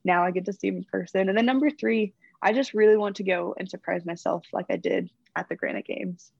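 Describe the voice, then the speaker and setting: A young woman athlete being interviewed, chatting warmly and gushing, getting emotional as she talks about her faith. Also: mid-range voice, fairly even intonation, a little fast, creaky, breathy edge, no room sound, highs cut off. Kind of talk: casual interview.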